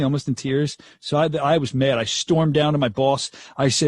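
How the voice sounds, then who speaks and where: His voice sits on the high side, and he talks a little fast with hardly any pauses; there's no echo. The speaker is a young radio DJ guest recounting stories in an interview, animated, laughing often and acting out what people said.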